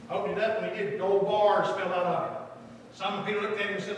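A man preaching a sermon in a church, swinging between loud exhortation and hushed storytelling. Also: high-pitched, flat delivery, a little fast. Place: church sanctuary. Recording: echoey hall, distant mic, faint room noise.

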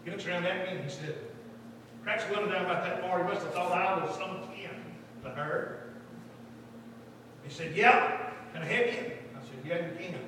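Male preacher, high bright voice, fervent sermon delivery, heard from a distance in a big echoey church hall. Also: normal speed, pauses often. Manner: fervent Southern-style preaching, swinging from loud to hushed storytelling. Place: church sanctuary. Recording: echoey hall, distant mic, faint room noise.

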